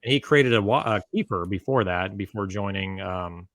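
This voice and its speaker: A chatty male podcast host with a fairly low voice. He talks in a loose, casual way, dropping joking asides between sponsor mentions. The sound is dry and close, with no room echo. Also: moderate pace, fairly bright tone.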